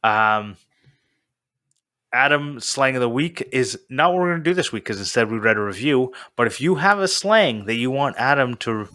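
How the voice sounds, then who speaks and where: A man's voice: mid-range voice, lively intonation, moderate pace, bright, forceful tone. A man hosting a podcast in casual chat, rambling and self-deprecating with lots of fillers. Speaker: podcast host.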